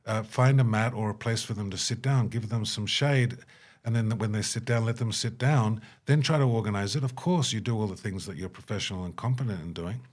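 Earnest man with a lowish voice. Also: brisk. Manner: earnest, acts out quoted dialogue with rising pitch. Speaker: guest, humanitarian worker. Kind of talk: reflective interview talk.

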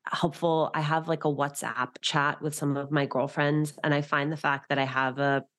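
A woman's voice: low-pitched, moderate pace. A woman guest, an author and TV host, talking in casual conversation and animatedly acting out the things she and others said. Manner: animated, quotes herself in jumpy voices.

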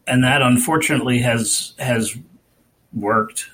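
A man on a political discussion panel, speaking in a measured, analytical way. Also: mid-range voice, steady tone, bright, forceful tone, slightly rough, poor audio.

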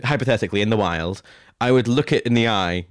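A man's voice: fairly low pitch, fast, dry recording, studio quality. A man co-hosting a podcast, chatting casually with playful, cheeky humour. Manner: playful, cheeky innuendo, lively laughter. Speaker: podcast co-host. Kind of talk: casual chat.

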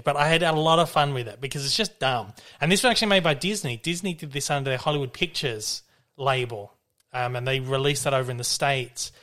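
In a casual chat about films, the male host rambles loosely, restarting sentences often and cursing freely. His voice is medium-pitched and a bit bright.

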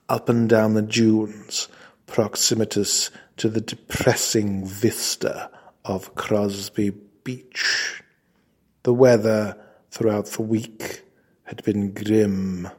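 A man telling a comic mock-heroic tale in a pompous, deadpan, mock-formal way. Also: on the low side, breathy edge. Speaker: comic storyteller.

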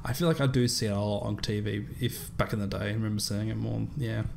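A man's voice: lowish voice, fairly even intonation, fast talker, vocal fry, a little hiss or hum. A man co-hosting a podcast in casual chat, laughing easily and reading out poll questions. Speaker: podcast co-host.

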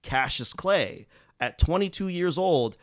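Animated male podcast storyteller. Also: unhurried, dry recording, studio quality. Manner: animated, acts out quotes with big pitch jumps and swearing.

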